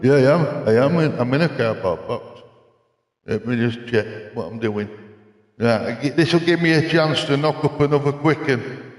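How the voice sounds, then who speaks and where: A man's voice: medium pitch, moderate pace. An older man, chatting casually and rambling with a chuckle as he streams a racing game from his home rig. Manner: rambling, chuckling, self-mocking. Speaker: gaming streamer. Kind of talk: casual live-stream chat while playing a racing game. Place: home gaming rig in a makeshift cardboard box. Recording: echoey room with long reverb.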